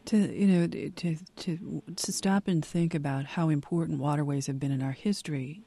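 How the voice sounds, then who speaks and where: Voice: medium pitch, moderate pace, vocal fry, dark tone, breathy edge. A radio interview host asking a guest curious, conversational questions.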